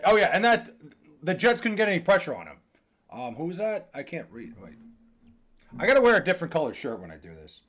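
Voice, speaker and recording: Young male streamer, slightly higher voice, cursing and venting casually to chat. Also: fairly bright tone. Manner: frustrated, profane, restarts a lot. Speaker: livestreamer. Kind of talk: casual live chat reacting to comments.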